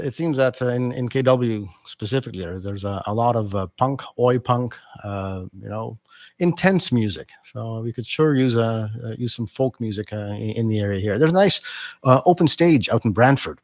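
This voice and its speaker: A man with a mid-pitched voice hosts a community radio interview. He stumbles through fillers and restarts as he talks, and his voice sounds dry and close to the mic. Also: animated, normal speed, dry recording. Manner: hesitant, with many fillers and restarts. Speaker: radio host.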